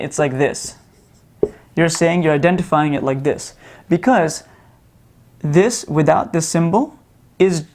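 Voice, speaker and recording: Casual man teaching, checking in often. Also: fairly high pitch. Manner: relaxed, repeats sounds slowly with many "right?" check-ins. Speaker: Sanskrit teacher. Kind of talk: casual explanatory lesson.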